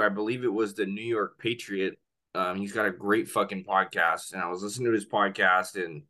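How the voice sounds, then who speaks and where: A man hosting a podcast in casual chat, swearing freely and telling stories animatedly. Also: lowish voice. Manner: profane, animated storyteller. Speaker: podcast host.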